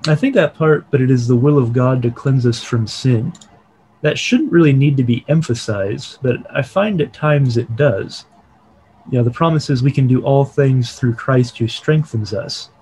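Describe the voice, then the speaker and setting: A man's voice: medium pitch, normal speed, slight background noise, low-quality recording. Man leading an online Bible study. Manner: reads quoted passages aloud, then explains them calmly. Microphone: video call.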